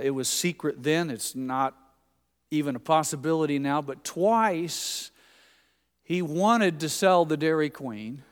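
A male pastor with a slightly high, clear, resonant voice tells folksy stories in his sermon and acts out the people he quotes. The recording has a long hall reverb.

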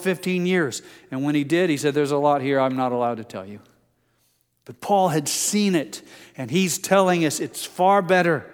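A man preaching in a slightly higher-than-usual voice, talking plainly and using everyday anecdotes. He sometimes drops into a soft, hushed emphasis. A long reverb from a large church space trails behind his words. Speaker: pastor. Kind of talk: sermon.

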